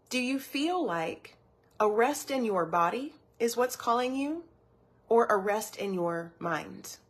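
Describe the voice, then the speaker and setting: A woman with a fairly high, husky voice gives a motivational teaching talk as a wellness coach. She speaks in an earnest, personal way and often repeats words while she gathers her thoughts. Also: fairly bright tone.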